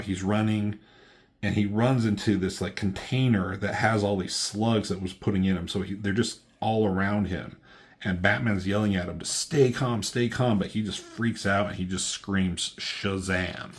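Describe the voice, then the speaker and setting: A man's voice: lowish voice, flat delivery, moderate pace. A man giving a loose, profane, filler-heavy walkthrough of a comic book issue as its reviewer.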